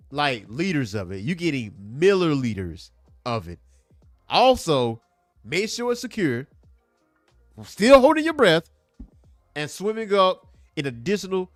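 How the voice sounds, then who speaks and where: Casting note: young adult man, comic show host, lively and emphatic delivery, dry close sound with faint music underneath. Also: on the high side, no echo. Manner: animated, emphatic, repeats points for effect. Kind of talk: casual comic book review.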